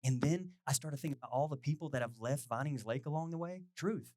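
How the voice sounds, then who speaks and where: A middle-aged male pastor giving a chatty, animated sermon, poking fun at himself and acting out little conversations. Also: fairly high pitch, fairly quick, no room sound, studio quality. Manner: animated, self-deprecating, quotes people in lively voices.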